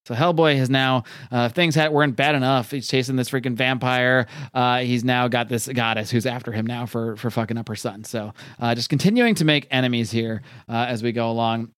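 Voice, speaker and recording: Clear-voiced man rambling through a comic recap. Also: mid-range voice, steady tone, a little fast, a bit bright, no room sound, studio quality. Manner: loose, rambling, profane. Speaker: comic book podcaster.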